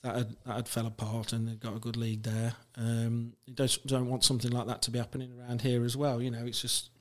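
Guest voice: man, flat delivery, rambling storyteller with lots of fillers. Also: medium pitch, fast. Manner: rambling, many fillers and restarts, laughs while telling stories. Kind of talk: casual chat, telling anecdotes.

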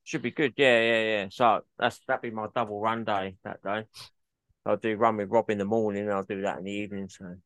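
A man's voice: lowish voice, fairly even intonation, fairly quick, a bit bright, no room sound. A man co-hosting a podcast, chatting easily and often answering with short agreeing replies. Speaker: podcast co-host. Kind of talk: casual chat.

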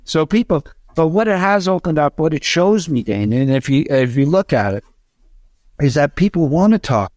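A man, a stand-up comedian, chatting casually on a podcast in a rambling, animated way with frequent restarts. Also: on the high side, normal speed, no room sound, clean studio sound.

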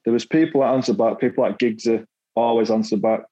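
A middle-aged ex-footballer from Manchester shares self-mocking tales of his playing years as a podcast guest, laughing often and doubling back on words. His medium-pitched voice is mellow and fast with fairly even intonation, and the sound is muffled.

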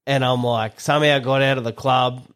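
A man's voice: medium pitch, steady tone, normal speed, fairly bright tone. An Australian man co-hosting a podcast, telling stories in a laid-back way and swearing often. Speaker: podcast co-host. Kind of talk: casual banter.

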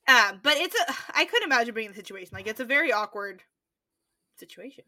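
Bright, high-voiced young woman podcaster. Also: lively intonation, quick pace. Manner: laughs often while recapping scenes. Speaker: podcast co-host. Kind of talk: casual episode recap chat.

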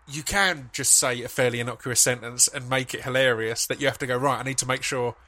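A man's voice: mid-range voice, steady tone, fairly quick, pushed and bright. A man hosting a podcast, chatting with enthusiasm and often tripping over and repeating his words. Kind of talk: casual conversational chat.

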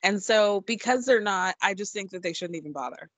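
A woman in her thirties co-hosting a casual chat, relaxed and quick to laugh, often restarting her sentences. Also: mid-range voice, no echo. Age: 30s. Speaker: podcast co-host. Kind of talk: casual chat about reality TV.

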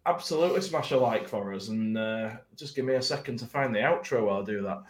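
Lively self-mocking man. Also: medium pitch, fast, reverberant. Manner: self-mocking, rambling, prone to laughing fits. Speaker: podcast host. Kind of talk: casual chat.

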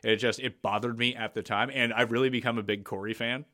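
Male podcast host, blunt and opinionated, mid-pitched voice, easy casual chat. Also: fairly even intonation, quick pace, bright, forceful tone.

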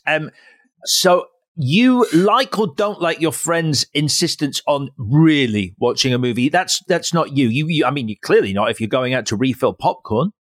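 A man's voice: on the high side, animated, normal speed. Man hosting a playful chat. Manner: playful, guiding questions with easy hesitations. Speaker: podcast host. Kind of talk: casual interview chat.

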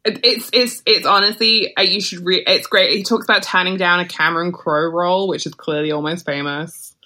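Female co-host, low bright voice, chatty, lots of "like", quick to laugh. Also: steady tone. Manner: chatty, many "like" fillers, laughs often. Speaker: podcast co-host. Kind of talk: casual chat.

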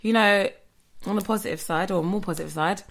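A woman's voice: medium pitch, brisk, creaky. A young woman co-hosting a podcast, chatting casually and searching for words. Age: young adult. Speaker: podcast co-host. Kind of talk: casual chat.

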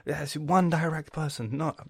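A man ranting loudly and profanely in a stand-up style, often stammering and restarting. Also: fairly high pitch, measured pace, creaky, breathy edge, no room sound, studio quality. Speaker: comedian.

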